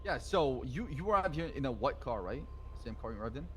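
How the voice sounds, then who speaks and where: A man playing a police officer in a video game role-play, asking a witness brisk, probing questions. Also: mid-range voice, big pitch swings, a crowd in the background.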